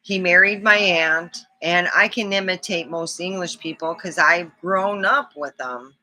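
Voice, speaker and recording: A woman hosting her own live stream from a small studio, swapping stories in a loose, chatty way. She talks bluntly and curses freely, with an animated delivery. Her voice has a bright, sharp edge. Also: lowish voice, a little slow. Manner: salty, blunt, profane, animated. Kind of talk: casual storytelling monologue.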